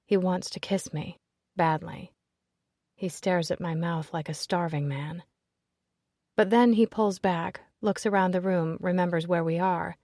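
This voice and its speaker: A woman narrating a first-person romance audiobook in an expressive storytelling voice. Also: fairly low pitch, measured pace, no room sound, clean studio sound.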